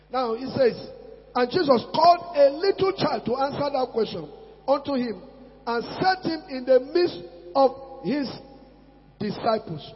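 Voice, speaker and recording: A man preaching a sermon, emphatic, repeating key words and swinging between loud declarations and soft asides. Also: extremely high pitch. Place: church hall. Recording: dull recording in a long-echoing hall.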